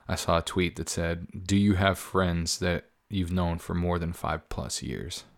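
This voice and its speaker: A man with a very low, deep voice hosts his own podcast, talking off the cuff. He rambles candidly, swears freely, and leans on fillers as he goes. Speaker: podcast host. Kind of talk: casual solo podcast monologue.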